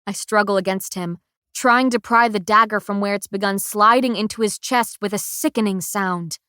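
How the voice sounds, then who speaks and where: A woman narrating a first-person audiobook in a measured, emotional way. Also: mid-range voice, steady tone, sharp tone, smooth, dry recording, studio quality.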